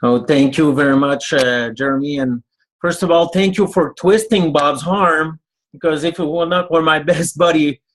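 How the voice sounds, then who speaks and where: A man's voice: fairly high pitch, rough recording. Eager man with a French Canadian accent. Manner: grateful, eager, halting English. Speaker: panel guest. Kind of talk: webinar talk.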